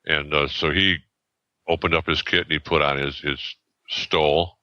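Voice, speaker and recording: A man in his seventies, a podcast guest, telling a story in a rambling, halting way with many restarts and fillers, on a dull lo-fi recording. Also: rumbling low, steady tone, bright, forceful tone, dry recording. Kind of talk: casual storytelling. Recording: dull lo-fi sound.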